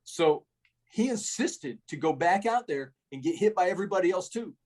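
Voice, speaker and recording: A husky, slightly high-voiced middle-aged man spins salty stories as a podcast guest. He talks casually and animatedly, ending lines with "man.". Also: lively intonation, moderate pace, a little mellow. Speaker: retired army first sergeant, guest. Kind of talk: casual storytelling.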